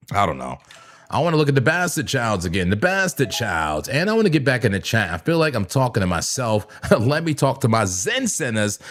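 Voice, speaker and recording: Male stream host, hoarse cracking voice, animated pitch, chatty and excitable. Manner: excitable, laughs often, sudden shouts. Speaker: crypto trading livestream host. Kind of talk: casual live trading commentary.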